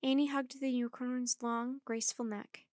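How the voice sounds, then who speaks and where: A woman reading a children's chapter book aloud in a clear, measured storytelling manner. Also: high-pitched, level tone, a little mellow, no echo, studio quality.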